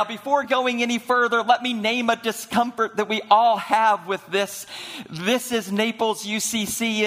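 High-voiced preacher in a reverberant sanctuary. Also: male voice, a bit bright. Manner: storytelling preacher, slows down for emphasis. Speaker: senior minister. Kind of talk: sermon. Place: church sanctuary. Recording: long reverb of a large sanctuary.

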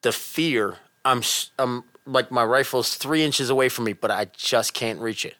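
A middle-aged man telling a personal story in casual chat, animated and earnest, dropping softer at tense moments. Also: mid-range voice, normal speed, no room sound.

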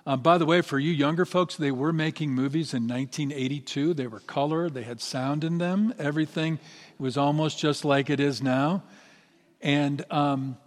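A man's voice: fairly high pitch, fairly even intonation, moderate pace. A middle-aged man preaching from a church pulpit, his slightly raised voice carrying an earnest, rising emphasis. The sound rings with the long reverb of a large sanctuary. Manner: earnest, building to emphatic peaks. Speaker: pastor. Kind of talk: sermon.

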